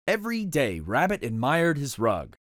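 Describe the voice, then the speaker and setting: A narrator reading a children's picture book aloud in an animated, expressive way, with wide swings of pitch. The voice sits mid-range and is recorded close and dry. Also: normal speed, dry recording. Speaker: storybook narrator.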